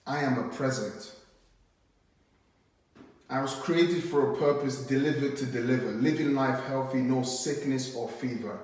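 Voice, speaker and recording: A man performs rhyming spoken word poetry in a calm, earnest voice. He takes each line slowly and lets it land. The sound bounces around a very echoey room, and he stands back from the mic. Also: medium pitch, far from the mic.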